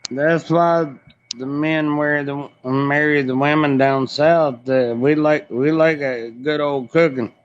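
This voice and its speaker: A man's voice: a little high, fairly even intonation, slow pace, highs cut off. Joking man. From West Virginia. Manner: blunt, joking. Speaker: guest. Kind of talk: casual chat.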